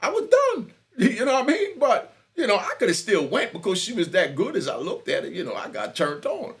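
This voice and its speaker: This New York storyteller and channel host talks a little fast in a high, somewhat bright voice with huge pitch swings. His casual monologue is a boastful, bawdy street story, peppered with laughter, stumbling restarts and the question "you know what I mean."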